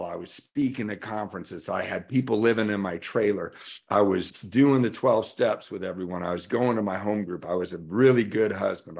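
A man's voice: lowish voice, creaky. A middle-aged man from California giving a candid personal recovery talk at a convention, telling stories and acting out what others said. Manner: candid storytelling, acting out quoted voices. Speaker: recovery speaker. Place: convention hall.

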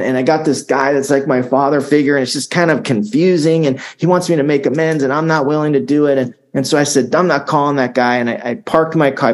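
A middle-aged man telling his recovery story in a casual, halting way, often repeating words and saying "man" and "dude". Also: on the high side, a little mellow. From Southern California. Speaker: speaker sharing recovery story. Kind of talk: recovery talk.

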